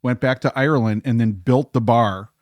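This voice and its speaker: A man's voice: medium pitch, moderate pace, dry recording. A man, co-hosting a podcast, telling rambling bar stories and acting out the voices of the people in them. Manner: rambling, acts out quoted voices. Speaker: podcast co-host. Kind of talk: casual bar chat, storytelling.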